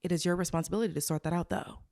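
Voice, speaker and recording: A woman's voice: fairly low pitch, rapid-fire. A woman hosting a podcast, recapping a reality show in a sassy, exasperated, chatty way. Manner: animated, sassy, exasperated asides. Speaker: podcast host. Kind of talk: casual recap commentary.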